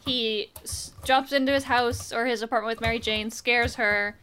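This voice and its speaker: A young woman with a fairly high voice talks through a comic issue in a loose, chatty way. She tosses in wry asides and briefly mimics the characters as she goes. There is a faint hiss behind her. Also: steady tone, normal speed, a bit bright. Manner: chatty, wry asides, acts out quoted lines. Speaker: podcast co-host. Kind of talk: casual comic book recap.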